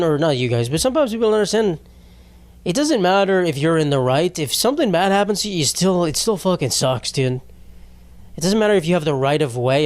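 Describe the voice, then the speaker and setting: A man's voice: fairly high pitch, no echo. A man hosting a solo podcast, chatting casually in a rambling, profane, wisecracking way. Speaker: podcast host.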